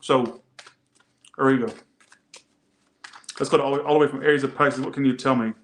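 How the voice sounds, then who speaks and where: A man's voice: mid-range voice, steady tone, normal speed, reverberant, slight background noise. A man doing a casual tarot reading, rambling and swearing, often repeating himself. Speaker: tarot reader.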